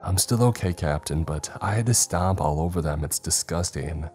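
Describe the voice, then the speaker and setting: A man voicing a panicking young male crewman in a hazmat suit, frantic and high-strung. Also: normal speed, a little mellow, faint music behind, lightly acted. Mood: nervous.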